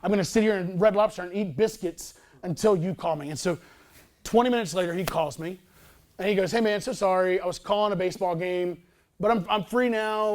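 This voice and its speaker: A man's voice: high-pitched, fairly quick. A man in his thirties, a pastor telling a personal story in a sermon, talking in a casual, chatty, self-deprecating way.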